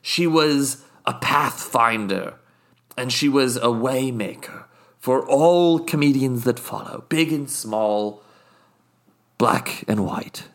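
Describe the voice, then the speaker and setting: Man doing a posh, condescending British guest, slow and meandering. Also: medium pitch. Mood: rambling. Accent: put-on British. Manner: haughty, rambling, condescending. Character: pompous wealthy British male podcast guest. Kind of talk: improvised comedy character.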